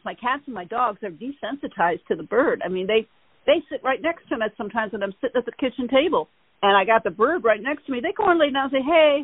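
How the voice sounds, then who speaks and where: A woman hosting a casual chat, telling rambling, animated stories. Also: a little high, no echo. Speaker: host. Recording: tinny phone-like line.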